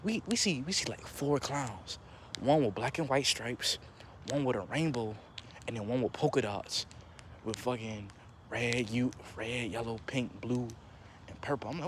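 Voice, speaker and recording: A young man telling a casual story in a slangy, animated way, jumping into higher voices for quotes. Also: unhurried, a little hiss or hum.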